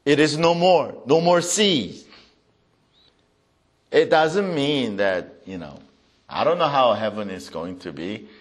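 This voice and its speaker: A man preaching a sermon as a pastor, reading scripture aloud with emphasis and swinging between loud proclamation and soft asides. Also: medium pitch, lively intonation, slow pace, pauses often.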